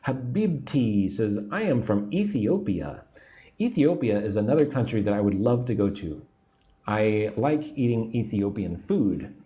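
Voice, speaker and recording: Slow, patient man teaching English. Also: on the low side, dark tone. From United States. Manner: slow, patient and repetitive, explaining words simply. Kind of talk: livestream English lesson, reading chat comments.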